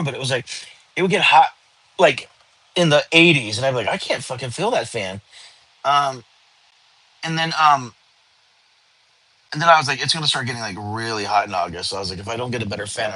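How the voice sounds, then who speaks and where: A man's voice: mid-range voice, sharp tone, low-quality recording. A middle-aged man hosting a casual livestream from his bedroom, tired and yawning, rambling and answering chat comments. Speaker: livestream host.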